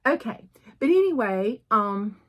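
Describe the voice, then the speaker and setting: A middle-aged woman with a Southern accent chatting casually as she shows her cross stitch projects, rambling a little and often clearing her throat. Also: fairly high pitch, very animated, a little slow, highs cut off. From southern United States. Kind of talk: casual chat showing needlework projects.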